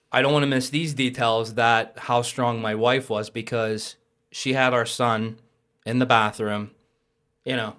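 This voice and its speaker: A young adult man telling a personal story as a podcast guest, lively and casual, with swearing. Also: mid-range voice, clear, resonant tone. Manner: animated, swears, acts out quoted voices.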